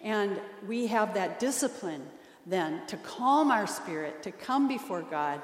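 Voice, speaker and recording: Woman pastor, mid-pitched, earnest sermon delivery, roomy hall with long reverb. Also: expressive, measured pace. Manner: earnest, gently exhorting, reads scripture aloud.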